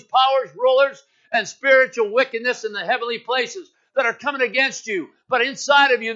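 A man preaching a sermon with fervor, rising loud and high at its peaks and sinking to a hush at others, in a dull lo-fi recording. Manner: impassioned preaching that swells loud and high, then drops quiet.

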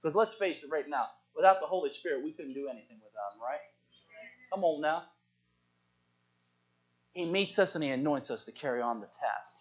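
A male preacher with a fairly high voice delivers a lively sermon to a congregation, dropping to quiet asides and then rising to shouts. The recording is dull and lo-fi. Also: a little fast, pauses often. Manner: lively, call-and-response preaching, swings from hushed to shouting. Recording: dull lo-fi sound.

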